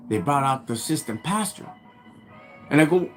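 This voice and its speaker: Man, high-pitched, loose street storyteller who gets heated, faint music underneath. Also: animated, normal speed, pauses often. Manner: street slang, gets fired up and loud when retelling. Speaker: livestream host. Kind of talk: storytelling monologue on a live stream.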